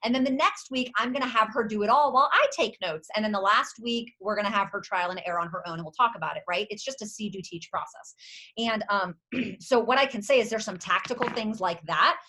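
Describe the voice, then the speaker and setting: A woman runs a leadership call for her sales team, her voice bright and ringing. She talks fast and emphatic, repeats her mission lines again and again, and her pitch leaps up when she gets excited. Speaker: network marketing team leader. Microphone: video or conference call.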